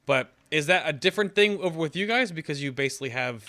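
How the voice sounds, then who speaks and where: A man's voice: fairly high pitch, animated, fast talker, pushed and bright, slight background noise. A man hosting a casual gaming interview, asking loose chatty questions full of fillers. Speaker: podcast host.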